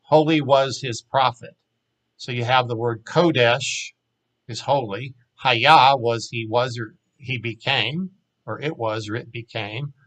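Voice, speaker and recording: A man teaching a recorded language lesson, explaining plainly and saying each example word slowly twice. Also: medium pitch, fairly bright tone, rough recording. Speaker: Hebrew teacher.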